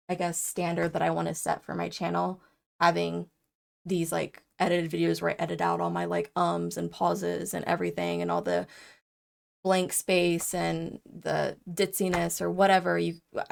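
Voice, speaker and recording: A young woman vlogger talks in a raw, unedited video, her low voice marked by vocal fry. She rambles, leans heavily on fillers, and becomes openly emotional until she's in tears.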